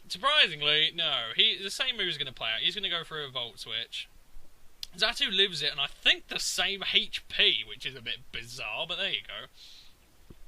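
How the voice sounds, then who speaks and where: A young man giving casual, rambling commentary over his own video game battles, swearing freely and getting excited. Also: fairly high pitch, poor audio.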